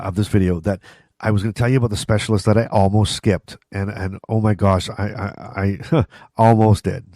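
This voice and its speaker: A man's voice: lowish voice, warm tone, dry recording, clean studio sound. A middle-aged man hosting a vlog, talking casually and directly to viewers, with frequent restarts and asides. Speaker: vlog host. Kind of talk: casual talk to camera.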